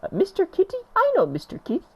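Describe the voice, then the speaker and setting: A tiny sprite girl chirps in a shrill falsetto, put on by a man reading game dialogue aloud. Her voice leaps way up and swoops around wildly, and everything comes out bubbly and sing-song. She sounds endlessly eager and cheerful. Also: huge pitch swings, quick pace, creaky, darkish tone, slight background noise, exaggerated voice. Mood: friendly.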